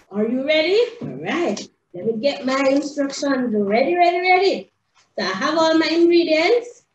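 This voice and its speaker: A woman teaches small children in a high, sing-song voice that leaps all over, bursting with excitement. She takes her time between phrases. The recording is roomy and a little dull. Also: unhurried, slight background noise. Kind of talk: animated lesson for young children. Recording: roomy, slightly dull home video.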